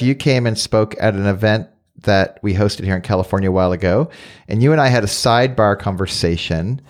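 A man hosting a podcast, reading a measured scripted introduction and then talking casually with his guest. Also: on the low side, no echo, clean studio sound. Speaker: podcast host.

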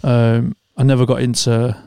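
A young man telling animated stories in casual chat. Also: mid-range voice, moderate pace, gravelly, clean tone, dry recording, studio quality. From England. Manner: animated storyteller, slangy and swearing.

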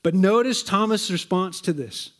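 Conversational preacher, higher-pitched man. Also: animated, moderate pace. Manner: conversational, with rhetorical questions and repetitions. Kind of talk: sermon.

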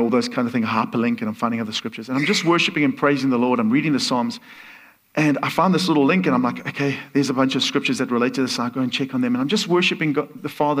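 Husky-voiced man preaching a sermon. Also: mid-range voice, quick pace. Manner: earnest, builds from soft to excited exclamations, laughs between phrases. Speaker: guest preacher.

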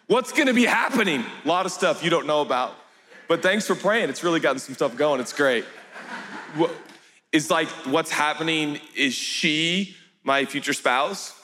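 Animated, joking pastor in an echoey hall. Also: male voice, a little slow. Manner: animated and jokey, breaking into high shouted outbursts. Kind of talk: sermon. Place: church hall. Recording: echoey hall with faint music.

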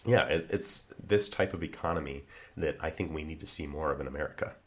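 A man's voice: rumbling low, fairly quick. A man co-hosting an improvised comedy podcast, talking earnestly with lots of fillers and restarts. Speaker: podcast co-host.

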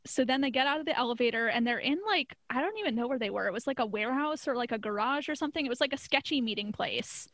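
A young woman talks through a TV episode in casual podcast chat, leaning on "like" and breaking into laughs. Her voice sits a little high. The sound is dry and close, with no room echo. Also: fast talker, few pauses, fairly bright tone. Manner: chatty, many "like" fillers, laughs often. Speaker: podcast co-host.

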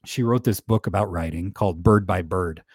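A podcast host with a low, slightly mellow, husky voice delivers a casual monologue on faith at a moderate pace. He's candid and self-deprecating, chuckling often, using many fillers and restarting sentences; the studio recording has no echo.

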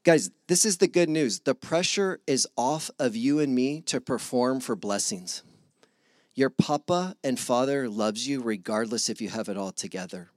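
A man preaching a casual, animated sermon to his congregation, acting out little dialogues with God. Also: medium pitch, moderate pace, no room sound, clean studio sound. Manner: animated, acts out God and listeners in voices.

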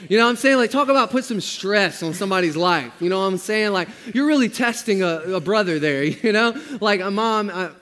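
Guy pastor preaching, high pitched, jokey and loose, says bro a lot. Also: animated, brisk, few pauses, fairly bright tone, big-room sound. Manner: casual storytelling, playful and laughing, slangy. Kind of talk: sermon.

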